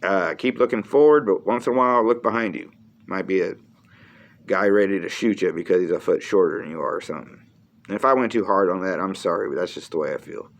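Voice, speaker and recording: A man's voice: deep voice, quick pace. A middle-aged American man hosting his own show in a blunt, rambling monologue, often restarting his words. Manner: blunt, plain-spoken, repeats and restarts words. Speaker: host of a solo video show.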